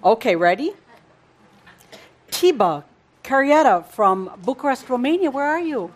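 A woman co-hosting a live gathering, chatting casually and warmly welcoming guests by name. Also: high-pitched, very animated, measured pace.

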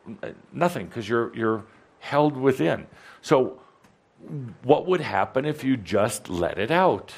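A man's voice: medium pitch, expressive, slow pace, gravelly, a little mellow. Man, playful provocateur, spiritual workshop leader on handheld mic, stammers and restarts. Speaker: spiritual teacher speaking as a channeled figure to a live audience. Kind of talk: interactive workshop coaching. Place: hall with live audience. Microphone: handheld microphone.

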